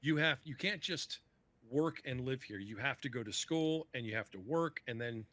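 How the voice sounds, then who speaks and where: Male podcast guest, crisp forward tone, dry close sound, salty casual storyteller who acts out quotes. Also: medium pitch, lively intonation, normal speed, a bit bright, dry recording. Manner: profane, acts out other people's lines.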